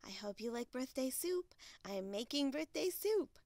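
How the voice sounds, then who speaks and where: A woman's voice: sits high, big pitch swings, normal speed, a little mellow, no echo, voice pushed up. A woman doing an eager little bear cub. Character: small eager young male bear cub. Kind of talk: storybook read-aloud.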